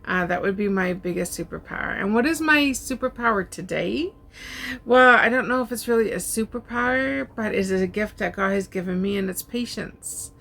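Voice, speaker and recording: An older woman chatting casually at home, relaxed and talkative, with plenty of ums and uhs. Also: mid-range voice, moderate pace, vocal fry. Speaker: diamond art YouTuber. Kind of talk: casual chat answering tag questions.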